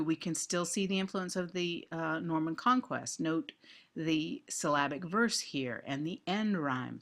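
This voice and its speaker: Gravelly-voiced male literature lecturer. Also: a little high, pushed and bright. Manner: deliberate, thoughtful, frequent ums and restarts. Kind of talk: recorded lecture.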